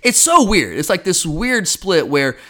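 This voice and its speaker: A man runs his sports podcast in a loose, animated way, talking straight to his listeners. His voice sits a little high for a man. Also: a little slow. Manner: chatty, animated, addresses listeners as guys. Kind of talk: casual sports talk podcast.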